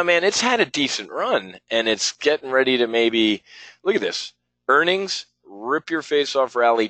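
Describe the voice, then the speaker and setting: A man's voice: medium pitch, bright, forceful tone, no room sound, low-quality recording. A man running a live options trading webinar, talking bluntly and rambling with some profanity as he works through trades on screen.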